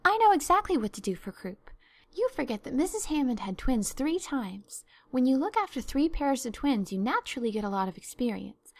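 A woman's voice: sits high, very animated, exaggerated voice. A woman voicing a chatty, imaginative young girl who talks eagerly and dramatically. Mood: brisk. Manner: eager, effusive, quick to dramatize.

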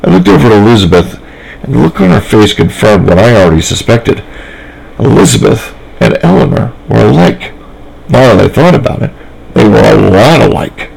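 A man reads a first-person story aloud in a low, gravelly voice with a husky edge. His delivery is plain and conversational, with small slips along the way. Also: very animated, moderate pace, a little mellow, rough recording. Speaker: narrator.

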